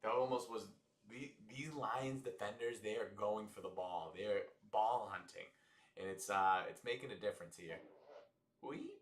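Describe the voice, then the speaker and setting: A man's voice: lowish voice, normal speed, roomy sound. A man hosting a live football watch-along, chatting loosely, reacting to plays and doing a jokey sponsor read. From United States. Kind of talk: casual live game commentary and reactions.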